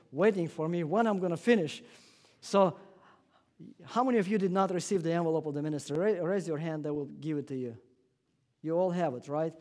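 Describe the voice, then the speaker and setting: Emphatic preacher with slightly high voice. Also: male voice, a little mellow. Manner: emphatic, repeats guarantees; non-native phrasing, drops articles. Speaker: guest preacher. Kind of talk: sermon. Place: church sanctuary.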